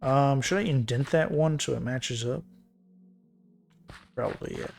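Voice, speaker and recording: A man streaming a building game, thinking aloud in a relaxed, muttering way as he works. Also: medium pitch, unhurried, vocal fry, soft background music. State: hiccuping. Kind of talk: casual game commentary while building.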